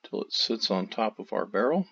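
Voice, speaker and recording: A man narrating a software tutorial, walking through steps one by one with loose, casual phrasing. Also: on the low side, normal speed, vocal fry, slightly rough. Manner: steady step-by-step explaining, loose phrasing. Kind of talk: screen-recorded tutorial narration. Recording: dull lo-fi audio.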